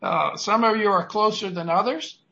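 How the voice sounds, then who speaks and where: A man coaching his team on their pitch in a meeting, talking in an emphatic, repetitive, upbeat way. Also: normal speed, vocal fry, bright, forceful tone, dull audio. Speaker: sales coach.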